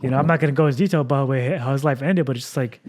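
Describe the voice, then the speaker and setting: A man's voice: medium pitch, very fast, darkish tone. A man from Texas hosting a casual podcast chat, talking in an earnest, rambling way full of fillers. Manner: rambling, earnest, heavy with fillers like "like" and "you know". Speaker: podcast host.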